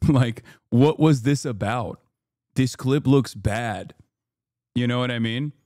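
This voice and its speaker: A man's voice: medium pitch, takes it slowly, warm tone, no echo. Swearing, ranting male streamer, dry sound. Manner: profane, ranting. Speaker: livestreamer. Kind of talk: casual livestream commentary.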